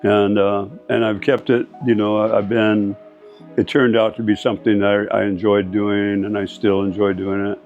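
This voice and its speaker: A man's voice: lowish voice, level tone, normal speed, a little mellow. A man in his seventies from California, telling old stories in a rambling, anecdotal way. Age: 70s. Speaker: surfer and board shaper. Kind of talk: reminiscing interview storytelling. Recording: dull lo-fi audio with faint music.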